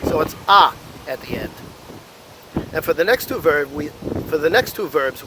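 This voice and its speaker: American man teaching Italian verbs slowly. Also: a little high, lively intonation, noisy background. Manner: slow, careful modeling of Italian words. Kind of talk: language lesson.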